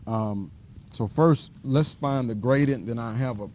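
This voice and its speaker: A man teaching a math class in a classroom. He talks in a relaxed, conversational way and rambles into stories, restarting often and filling pauses. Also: medium pitch, slight background noise. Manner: rambling storyteller, frequent restarts and fillers. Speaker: math instructor. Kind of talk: classroom lecture.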